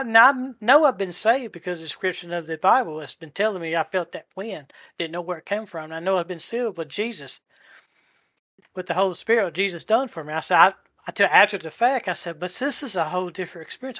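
A man in his forties giving a heartfelt personal testimony, halting and searching for words as he goes. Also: sits high, sharp tone, no room sound, clean studio sound. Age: 40s. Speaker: delivery driver sharing a testimony. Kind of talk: emotional personal testimony in a live chat.

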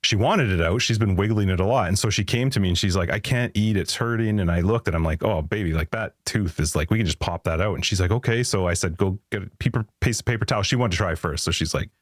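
A man's voice: low-pitched, fast, few pauses, no echo, clean studio sound. A man hosting a podcast, telling rambling anecdotes in casual chat and laughing often. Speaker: podcast host.

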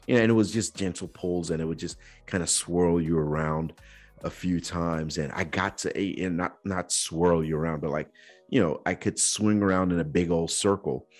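Low, husky-voiced man telling a story. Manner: earnest, reflective, slips into casual slang. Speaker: podcast host. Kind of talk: personal storytelling.

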